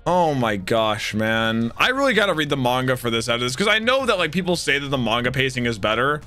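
A young man hosting an anime reaction, talking emotionally and often shouting in excitement. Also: high-pitched.

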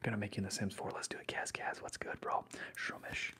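Whispering a little fast, a young ASMR streamer rips open trading card packs on a livestream. His talk is excitable and full of slang, punctuated by sudden loud hype.

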